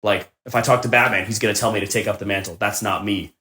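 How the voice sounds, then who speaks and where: A young man chatting casually on a podcast, retelling stories with animated enthusiasm. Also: fairly low pitch, fast. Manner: excited, animated storytelling with laughs. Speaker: podcast co-host. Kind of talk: casual chat. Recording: roomy echo.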